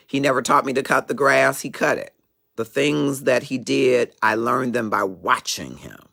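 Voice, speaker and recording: A middle-aged man delivers a motivational talk show monologue in a gravelly voice with a touch of vocal fry. He preaches emphatically, circling back after wandering digressions. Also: medium pitch, sharp tone.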